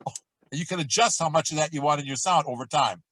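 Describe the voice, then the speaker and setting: A man's voice: fairly high pitch, fast, no room sound, low-quality recording. Man voice coach, dry close sound. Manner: demonstrates exercises with loud sung shouts and quacks; relaxed, chatty instruction. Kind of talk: vocal warm-up lesson.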